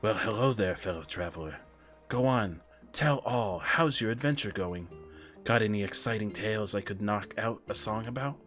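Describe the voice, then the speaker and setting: Man doing a game bard, put-on Australian accent, chatty, folksy, soft, faint music behind. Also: on the low side, animated, moderate pace. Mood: chummy. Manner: friendly, folksy storytelling. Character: chatty wandering male bard seeking song material.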